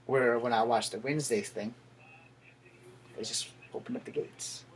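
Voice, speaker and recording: A man's voice: mid-range voice, steady tone, moderate pace, vocal fry, a little hiss or hum. A man in his thirties, a veteran, giving a blunt, profane and heated political rant to the camera. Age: 30s.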